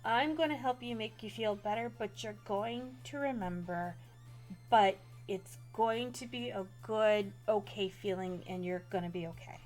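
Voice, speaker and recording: A woman voicing a calm, protective vampire stepmother who speaks softly and deliberately in a tabletop game. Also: a little high, faint music behind, natural voice. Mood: soothing.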